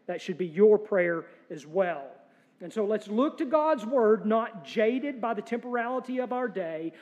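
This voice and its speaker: A male pastor preaches with a fairly high yet mellow, dark-toned voice. He is earnest and emphatic, tossing in rhetorical questions and dry jokes. The sound carries a long church-hall reverb. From United States. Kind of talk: sermon.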